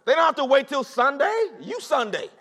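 A male preacher with a very high, bright, forceful voice delivers a lively sermon, talking straight to the congregation and hammering his points through repetition. His voice rings out with a long reverb off the walls of a big church sanctuary. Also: normal speed. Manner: animated, conversational preaching with repetition and call-outs to the congregation. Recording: long reverb of a large hall.

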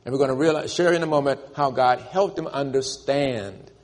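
The long reverb of a church surrounds a man preaching a sermon in a mid-range voice at normal speed. He speaks emphatically and calls for the congregation to repeat after him.

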